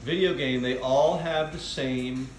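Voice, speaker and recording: Filming a holiday video in his kitchen, an older family cook chats in an unhurried, medium-pitched voice, playfully proud of the food he's making. Frying sizzles amid a noisy background.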